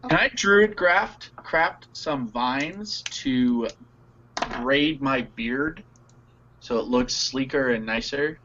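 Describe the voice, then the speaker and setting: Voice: mid-range voice, slow, sharp tone, dull audio, slight background noise. A tabletop game player talking in a rambling way, restarting sentences, swearing and laughing often.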